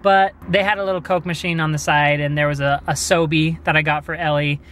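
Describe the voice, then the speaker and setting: A young man vlogging outdoors on a handheld camera, telling stories in an animated, casual way with laughs. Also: fairly high pitch, brisk, poor audio. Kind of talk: casual vlog chat. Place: outdoors on a busy street. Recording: faint street noise outdoors.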